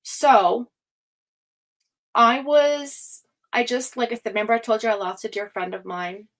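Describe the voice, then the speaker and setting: The tarot livestream host speaks a little slowly this time, her voice fairly high with a steady tone. Reading live comments, she keeps up an emotional, rambling casual chat with her viewers and laughs frequently.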